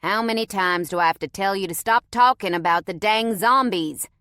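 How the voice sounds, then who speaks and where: A woman's voice: mid-range voice, normal speed, pushed and bright, clean tone, close to an everyday voice. A woman doing a drawling Southern young man. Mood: exasperated. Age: 20s. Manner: exasperated, scolding a child.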